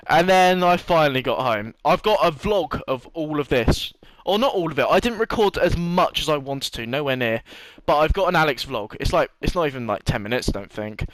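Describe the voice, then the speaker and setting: A man's voice: a little high, fairly bright tone, no echo, rough recording. A young man telling a long rambling story to his vlog audience, swearing freely and laughing often. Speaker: vlogger. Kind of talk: casual storytelling monologue.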